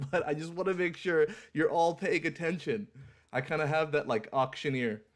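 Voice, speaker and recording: A man's voice: fairly high pitch, normal speed. A young man hosting a livestream in a casual, upbeat way, repeating his phrases like an auctioneer. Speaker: livestream host.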